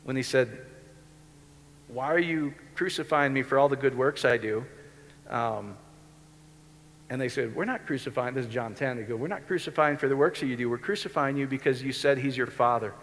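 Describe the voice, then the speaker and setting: A man preaching a sermon in a loose conversational way, often checking in with his listeners with quick questions. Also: mid-range voice, a bit bright, slight background noise. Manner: conversational, keeps checking in with the audience. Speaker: pastor. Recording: long hall reverb.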